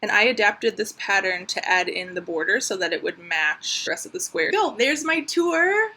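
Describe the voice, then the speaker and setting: A woman's voice: on the low side, fairly quick, bright, forceful tone. A woman showing her crochet squares in a casual, upbeat, chatty vlog, full of fillers. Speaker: crochet vlogger. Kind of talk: casual show-and-tell.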